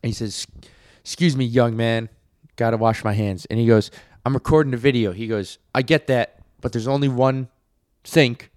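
Male podcast co-host, mid-pitched, laid-back storyteller, dry close sound. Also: steady tone, moderate pace, no echo. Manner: laid-back storyteller, agrees often, acts out loud quotes. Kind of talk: casual chat.

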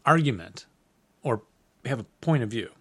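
A man co-hosting a podcast in casual chat, an animated storyteller who laughs often. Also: medium pitch, normal speed, slightly rough. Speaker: podcast co-host.

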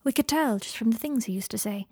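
A woman voicing a kind, soft-hearted young woman who speaks softly, in a read-aloud story. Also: on the high side, fast talker, husky, no echo, studio quality. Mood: gentle.

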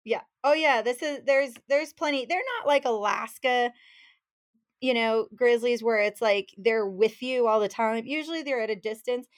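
A woman's voice: a little high, normal speed. A woman fishing guide telling a story in a casual chat, acting out what people said and laughing as she goes. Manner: animated, acts out quotes, laughs while telling. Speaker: fishing guide, podcast guest.

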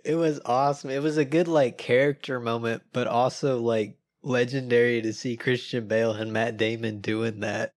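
A man's voice: mid-range voice, fairly even intonation, moderate pace, few pauses, no echo. Enthusiastic man with a dry sound. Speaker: podcast co-host. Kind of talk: casual movie review chat.

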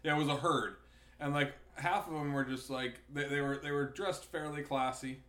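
A man's voice: fairly high pitch, fairly even intonation, normal speed, a bit bright, roomy sound. A man telling teasing stories about a friend in casual chat, laughing often. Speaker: friend on a trip.

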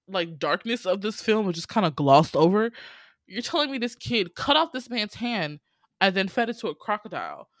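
A woman's voice: medium pitch, a bit bright, dry recording, studio quality. A young adult woman hosting a podcast, retelling a film in casual chat, sarcastic and laughing, jumping up into voices for quotes. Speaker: podcast host reviewing a film.

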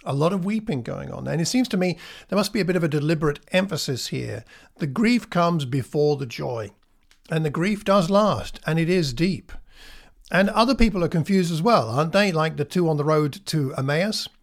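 A man delivers a sermon in a calm, conversational tone. His voice sits a little higher than most men's. He talks it through thoughtfully, with the odd filler, and lingers on the lines he wants to land. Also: gravelly. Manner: reflective, conversational, with frequent fillers and slow emphatic pauses. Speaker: preacher.

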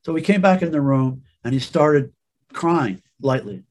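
A man's voice: a little high, animated, unhurried, darkish tone. A man as a podcast guest, telling a personal story in an earnest, rambling way with restarts.

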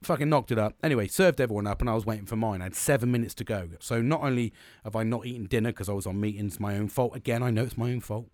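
Sweary, blunt man with a low voice. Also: very fast, darkish tone, no echo, studio quality. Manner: blunt, sweary, rambling with restarts. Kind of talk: candid personal storytelling.

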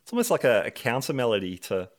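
A man interviewing a musician about his record, enthusiastic and quick with short replies. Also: medium pitch, huge pitch swings. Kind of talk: conversational interview.

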